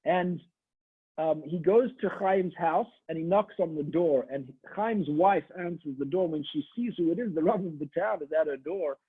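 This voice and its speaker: A man's voice: fairly high pitch, moderate pace, husky, no echo. Chatty man on a tinny line. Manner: animated, chatty, many restarts. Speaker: rabbi. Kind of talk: storytelling sermon. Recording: dry tinny phone-like line.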